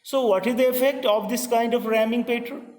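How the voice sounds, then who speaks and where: A man giving a slow, deliberate poetry lecture, asking rhetorical questions and pausing with fillers. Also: very high voice, steady tone, a little mellow. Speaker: literature lecturer. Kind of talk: classroom-style poetry lecture. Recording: distant mic in a reverberant room.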